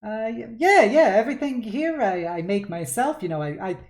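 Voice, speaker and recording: A woman's voice: mid-range voice, lively intonation, moderate pace, darkish tone, echoey room, voice pushed up, lightly acted. A woman voicing a cheerful, chatty male shopkeeper who laughs and talks in a folksy way. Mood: jovial.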